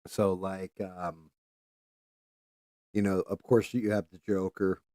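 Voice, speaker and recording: A man's voice: deep voice, little pitch movement, slow, dark tone, dry recording. A man hosting a casual livestream, rambling and swearing freely as he chats while doing careful handwork. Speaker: livestream host.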